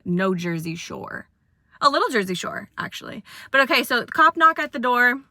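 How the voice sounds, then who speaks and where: A woman's voice: a little high, big pitch swings, normal speed, sharp tone, no room sound, clean studio sound. A young woman in her twenties telling a funny dating story in casual chat, with dramatic retelling and sudden acted quotes.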